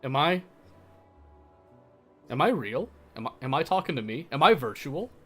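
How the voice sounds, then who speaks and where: A man's voice: fairly high pitch, sing-song, normal speed, fairly bright tone, slightly rough, soft background music. A young man live-streaming a game, chatting casually with his viewers in a playful, teasing, mock-defensive way. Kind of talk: casual live-stream chat while gaming.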